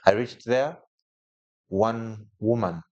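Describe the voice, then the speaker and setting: As a podcast guest, a man animatedly tells a personal story, often restarting his sentences and jumping in pitch whenever he quotes someone. He speaks slowly, and the sound is lo-fi.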